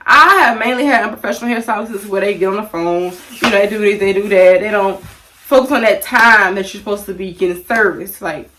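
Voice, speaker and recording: A young woman from Louisiana tells a casual storytime to her viewers, animated and chatty, calling them y'all. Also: mid-range voice, fairly quick, recorded from a distance, a little hiss or hum, poor audio. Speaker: vlogger.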